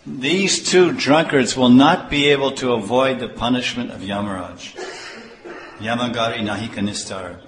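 A man giving a slow scripture class as a preacher, repeating phrases and acting out little dialogues. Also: mid-range voice, slight background noise. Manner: slow, repetitive, acts out dialogue. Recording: echoey hall with faint ambience.

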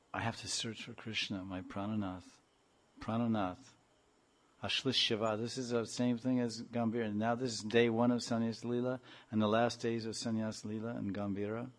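A man giving a devotional scripture lecture, chanting mantras and singing verses before explaining them. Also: fairly low pitch. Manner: sings verses, then explains them slowly. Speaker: spiritual teacher.

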